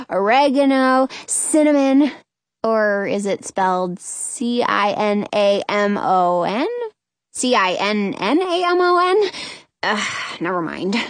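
A woman narrating a children's chapter book in an expressive, childlike first-person telling. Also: a little high, no echo. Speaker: audiobook narrator.

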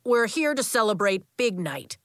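A woman voicing a booming, enthusiastic male gym coach in a children's audiobook, calling out to a room of kids. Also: big pitch swings, moderate pace, no room sound, studio quality, close to an everyday voice. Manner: booming, rallying.

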